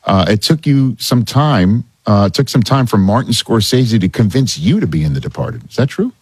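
A male interview host with a low voice that swings widely as he reacts and poses questions. The tone is husky and the room sounds dry. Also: moderate pace, no echo. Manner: lively reactions and game-show questions. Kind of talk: casual interview chat.

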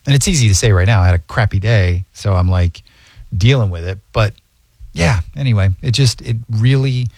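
Co-host, male, low voice, earnest and open, dry close sound. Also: normal speed, darkish tone, dry recording. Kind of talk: casual conversation.

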